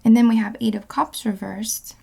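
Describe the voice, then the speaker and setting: A woman's voice: fairly high pitch, flat delivery, moderate pace, creaky, a little mellow, husky. A woman giving a casual tarot reading, rambling with many fillers and self-corrections, sometimes dropping into a whisper. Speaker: tarot card reader.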